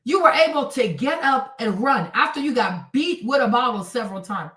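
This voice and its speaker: A commentary streamer with a high-pitched, slightly bright voice speaks at a moderate pace from well away from the mic, her words echoing around a roomy space. She reacts bluntly to a news clip, swearing freely and mocking its subjects with acted-out quotes. Her delivery is animated, and her tone stays sarcastic and scornful the whole way through.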